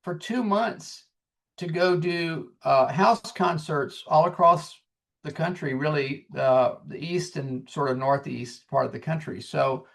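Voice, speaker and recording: A man in his sixties, a singer-songwriter guest, telling his story in an earnest, animated way and acting out the dialogue. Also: fairly high pitch, a little slow, creaky. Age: 60s. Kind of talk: casual storytelling.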